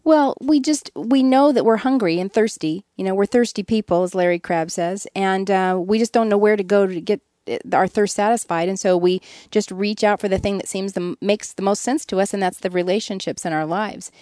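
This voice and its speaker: A woman's voice: mid-range voice, fairly quick, hardly any pauses, a little mellow, dry recording, clean studio sound. A woman guest on a radio interview, telling a candid, earnest story about her own life and poking fun at herself. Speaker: guest, author.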